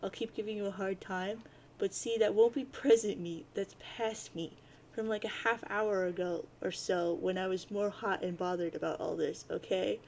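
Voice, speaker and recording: A woman's voice: mid-range voice, steady tone, moderate pace, creaky, a little mellow, slight background noise, rough recording. A woman casually reading a webcomic aloud as host, with chatty, offhand asides. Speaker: webcomic reader, channel host. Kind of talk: casual read-aloud narration.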